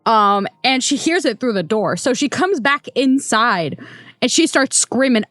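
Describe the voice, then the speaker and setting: A woman's voice: a little high, lively intonation, measured pace, a bit bright, dry recording. Young woman telling a storytime, chatty. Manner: chatty, many ums and laughs. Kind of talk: casual storytime. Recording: dry close sound, faint music behind.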